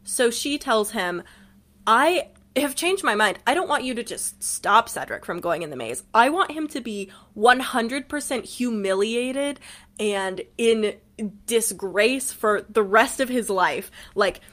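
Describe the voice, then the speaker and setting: A woman's voice: on the high side, animated, unhurried, a bit bright. A woman co-hosting a casual book podcast, wry and critical, laughing often as she retells scenes. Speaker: podcast co-host.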